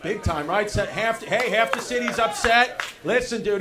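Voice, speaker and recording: A man's voice: sits high, normal speed. A male stand-up comedian doing loose, rambling crowd work in a comedy club, saying "dude" a lot. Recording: noisy live club recording.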